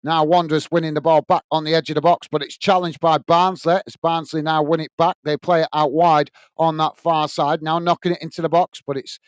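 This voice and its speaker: Brisk and with hardly any pauses, an Englishman hosts a live football watch-along, calling the play and chatting through viewers' comments while openly backing his own side. His voice is a little high, clear and resonant, with little pitch movement and no room sound.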